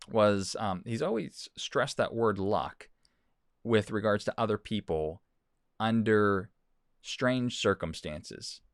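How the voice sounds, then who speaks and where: A man's voice: on the low side, dry recording, clean studio sound. A man hosting a talk show, giving casual commentary and reading quotes aloud, often repeating words. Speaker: host. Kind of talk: commentary on news and social posts.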